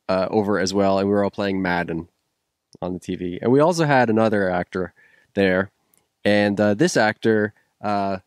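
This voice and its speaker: Low-voiced man telling casual stories. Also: clear, resonant tone, dry recording, clean studio sound. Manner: storytelling, with many fillers and restarts. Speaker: co-host, filmmaker. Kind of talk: casual chat.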